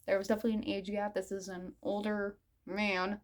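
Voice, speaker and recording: Giggly, excitable woman in her mid-twenties. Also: mid-range voice, a little fast. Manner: excitable and giggly, laughs often while recounting; fangirling, rambling with many "I'm like" asides. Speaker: vlogger. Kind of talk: casual storytelling vlog.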